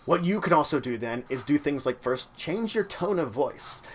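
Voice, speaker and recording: A man's voice: a little high, lively intonation, moderate pace, slight background noise. A man hosting his own channel, explaining game-mastering tips in a loose, conversational way with frequent fillers. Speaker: channel host giving game-mastering advice. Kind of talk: casual instructional talk.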